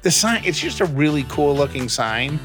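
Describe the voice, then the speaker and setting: A man's voice: fairly high pitch, very animated, moderate pace, a bit bright, faint music behind. A man co-hosting a podcast, talking in an easygoing, joking way. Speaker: podcast co-host. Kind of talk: casual chat.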